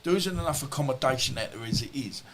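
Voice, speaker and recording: A man's voice: medium pitch, lively intonation, quick pace, fairly bright tone. A middle-aged man settles into a podcast chat and tells his stories in a loose, rambling way. His talk is blunt and full of everyday slang, with a mid-range voice and a faint hum of room noise behind him. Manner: rambling, anecdotal, blunt and colloquial. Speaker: podcast guest. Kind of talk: storytelling in conversation.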